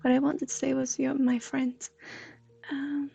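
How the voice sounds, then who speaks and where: A woman giving a gentle, half-whispered livestream psychic reading. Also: sits high, flat delivery, measured pace, creaky, lo-fi sound, faint music behind. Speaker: intuitive reader.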